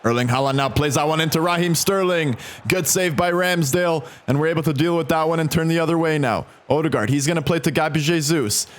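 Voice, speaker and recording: A young man giving casual play-by-play commentary on his own football video game match, excited by goals and quick to vent at mistakes. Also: on the high side. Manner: excitable, swings between calm narration and frustrated outbursts. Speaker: gaming commentator.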